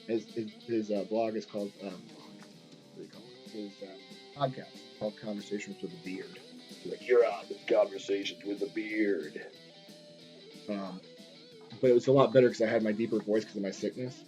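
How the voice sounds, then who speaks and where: Rambling man with a mellow voice. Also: on the low side, steady tone, a little fast. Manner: rambling, full of fillers and restarts. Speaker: artist live-streaming a drawing session. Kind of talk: casual chat while drawing. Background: faint guitar music.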